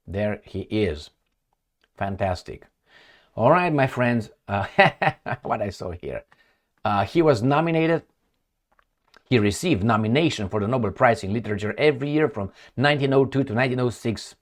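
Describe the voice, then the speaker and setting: A middle-aged man talks through news articles in a loose, off-the-cuff way. His voice sits fairly low, and he often breaks into sarcastic asides. His speech is full of fillers and false starts. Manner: sarcastic, rambling, many fillers and restarts. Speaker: political commentator. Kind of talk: off-the-cuff commentary reading news articles aloud.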